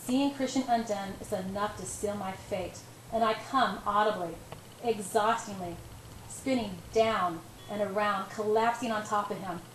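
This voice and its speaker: A woman reading first-person romance narration in a soft, intimate way. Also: mid-range voice, a little slow, reverberant, a little hiss or hum, low-quality recording. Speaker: audiobook reader.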